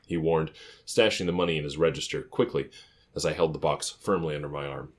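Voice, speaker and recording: A man narrating a first-person science fiction story in a calm, measured, quiet way. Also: extremely low pitch.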